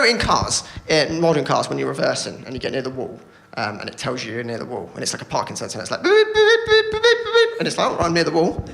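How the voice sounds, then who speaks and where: Gravelly, rambling stand-up comedian. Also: male voice, mid-range voice, sharp tone. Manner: rambling and self-deprecating, with many stammered restarts. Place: London theatre stage. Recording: live theatre recording with noise.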